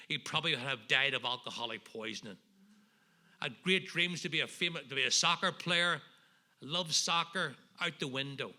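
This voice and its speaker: A Northern Irish man, voice on the high side with a sharp tone, tells his recovery story at a meeting. He's wry and self-deprecating, landing jokes for the audience in this humorous personal talk.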